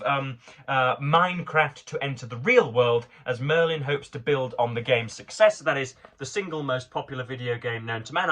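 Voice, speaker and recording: Halting, bright-voiced man. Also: medium pitch. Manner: halting, frequent fillers and restarts, dry sardonic asides. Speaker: vlogger reviewing the newspaper. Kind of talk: reading aloud and commenting on news.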